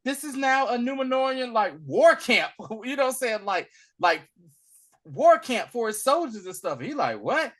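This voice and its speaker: A man hosting a podcast, casually recapping a TV episode and acting out the characters' lines in a slangy, animated voice. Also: very high-pitched, normal speed. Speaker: podcast host.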